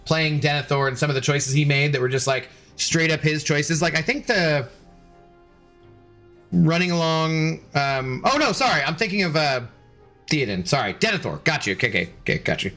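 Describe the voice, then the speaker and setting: A man's voice: fairly high pitch, expressive, normal speed, pushed and bright, faint music behind. A man streaming a video game in a casual, rambling way, greeting viewers and reading their chat aloud. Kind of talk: casual live-stream commentary.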